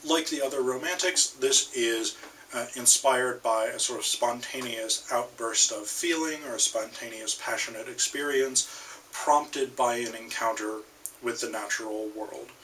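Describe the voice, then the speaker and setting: A man's voice: medium pitch, unhurried, pushed and bright, distant mic, a little hiss or hum, rough recording. An American man giving a casual recorded literature lecture, hesitant with many ums and restarts. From United States. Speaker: literature instructor.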